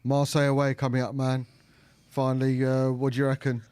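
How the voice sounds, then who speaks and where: A man's voice: mid-range voice, monotone, fairly quick, a little mellow, clear, resonant tone. A man hosting a football fan show, chatting casually, asking questions and keeping the talk moving. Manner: chatty, asks questions and keeps things moving.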